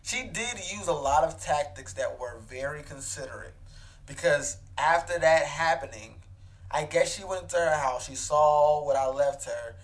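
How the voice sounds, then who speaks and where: A young man in his twenties, a podcast co-host, telling an animated comedic story and acting out the dialogue. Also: a little high, moderate pace. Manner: animated, laughing, acts out dialogue.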